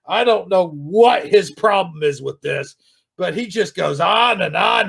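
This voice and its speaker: A man reviewing another YouTube channel in an angry, sarcastic rant, swearing and shouting often. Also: high-pitched, expressive, unhurried, gravelly, breathy edge. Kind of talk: ranting video commentary.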